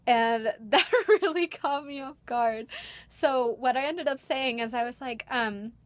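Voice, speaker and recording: Chatty young woman with a high voice. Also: measured pace, fairly bright tone, no room sound. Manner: chatty, with frequent light laughs and fillers. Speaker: party princess performer. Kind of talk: casual vlog.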